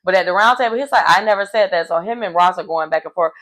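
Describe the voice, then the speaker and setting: Animated woman recapping a show. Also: on the low side, fast talker, low-quality recording. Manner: animated storyteller acting out quotes. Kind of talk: casual episode recap.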